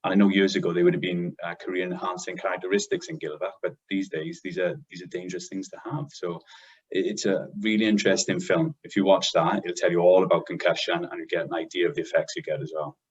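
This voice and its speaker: A man's voice: deep voice, fast, slightly rough, lo-fi sound. A man co-hosting a podcast, telling stories and jokes in a chatty way and laughing at his own punchlines. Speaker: podcast co-host.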